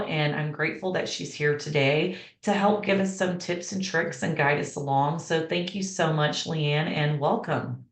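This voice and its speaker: A woman hosting a conference session, giving a warm, personal introduction of the speaker. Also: low-pitched. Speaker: host. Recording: echoey room.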